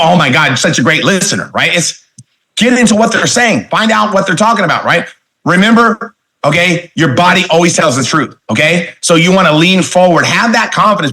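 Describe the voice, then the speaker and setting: Middle-aged guy coaching salespeople, talks fast, hammers the same lines over and over. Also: high voice. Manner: energetic, punchy, repeats key phrases. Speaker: sales trainer. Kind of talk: motivational sales training talk.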